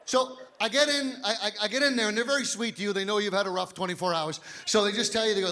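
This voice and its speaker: A man in his fifties performing a stand-up comedy set, telling big, animated stories on a stage mic in a live hall. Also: sits high, quick pace, few pauses. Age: 50s. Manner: big animated storytelling, drops to quiet voices for quoted doctor. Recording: live hall with audience laughter.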